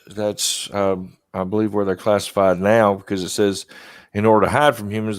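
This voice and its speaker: Rambling man, low dry voice. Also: clear, resonant tone, dry recording. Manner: rambling, self-deprecating, frequent fillers. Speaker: podcast host. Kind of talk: casual podcast chat.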